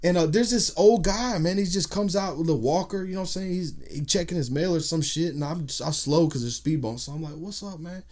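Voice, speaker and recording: Somewhat high-voiced man, podcast guest, cussing, acting out his stories. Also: a little fast, few pauses. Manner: profane, animated storyteller acting out quotes. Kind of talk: casual storytelling chat.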